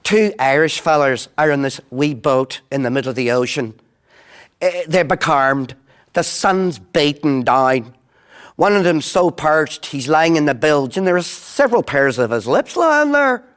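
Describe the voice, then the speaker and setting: Lively New Zealand man telling stories. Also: on the high side, a little slow, clear, resonant tone. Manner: animated, slips into joke voices. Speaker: comedian recalling his career. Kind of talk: storytelling with acted jokes.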